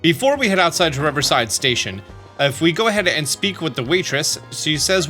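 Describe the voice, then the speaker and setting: A man's voice: on the high side, very animated, brisk, sharp tone, faint music behind. A man hosting a video game walkthrough, explaining steps in a casual manner.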